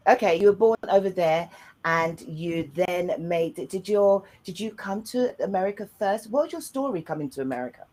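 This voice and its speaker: A woman's voice: lowish voice, lively intonation, normal speed, warm tone. A British woman hosting a live online interview show, talking in a chatty, upbeat way with plenty of fillers. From United Kingdom. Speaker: host.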